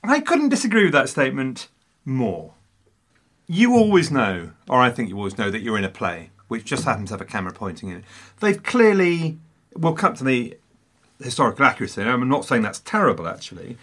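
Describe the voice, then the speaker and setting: Man, film chat host, teasing, pitch swinging up and down a lot, middle-pitched voice. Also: fairly quick. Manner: animated, teasing, theatrical emphasis. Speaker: podcast host and stand-up comedian. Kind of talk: casual film discussion.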